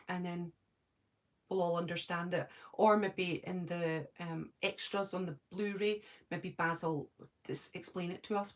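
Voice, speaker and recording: A Scottish woman chatting casually on a live stream from her home, answering viewers' comments by name and thinking aloud. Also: fairly low pitch. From Scotland.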